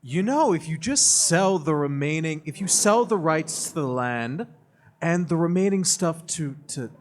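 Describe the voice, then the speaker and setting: A man's voice: fairly high pitch, expressive, unhurried, slight background noise. A man playing a smug rich male noble making a persuasive offer.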